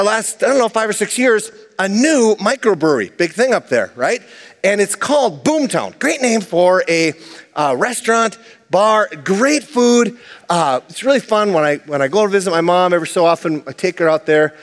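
A pastor from Minnesota giving a sermon, animated and conversational, with chatty asides. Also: male voice, high voice, in a large hall. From Minnesota, USA.

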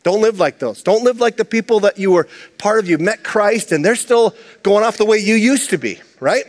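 A man with a high voice preaches in a relaxed, animated way, tossing in chatty asides to his listeners. His voice rings with the long echo of a large hall. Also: normal speed. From Minnesota, USA. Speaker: pastor. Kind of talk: sermon.

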